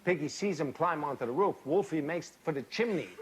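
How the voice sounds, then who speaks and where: A man giving a comic fairy-tale reading to a live audience, deadpan, with odd pauses and dry asides. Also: on the high side. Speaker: storyteller. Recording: live stage reading, loud audience laughter.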